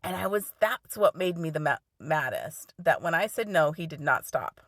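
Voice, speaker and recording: A woman's voice: low-pitched, expressive, normal speed, fairly bright tone, no echo, clean studio sound. A woman telling a personal story in a casual way, often laughing as she goes. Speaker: vlogger.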